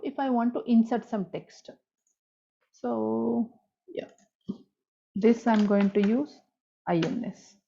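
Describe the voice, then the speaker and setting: A woman's voice: on the high side, dark tone. Woman explaining code. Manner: explains step by step, repeats key points, spells out tag names. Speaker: programming tutor. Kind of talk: screen-recorded coding tutorial. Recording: dull lo-fi audio.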